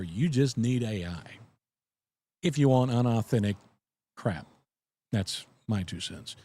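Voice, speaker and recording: A podcast host with a Southern US accent speaks in a medium-pitched, dark-toned voice with no echo. Hosting a casual live stream, he rambles in a folksy way, reads viewer comments, and chuckles often.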